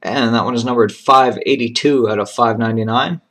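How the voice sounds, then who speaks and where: A man hosting a trading card box break, steadily announcing each card, who it goes to and its serial number, with brief quiet asides of admiration. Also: mid-range voice, fairly even intonation, brisk. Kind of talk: live card-opening commentary.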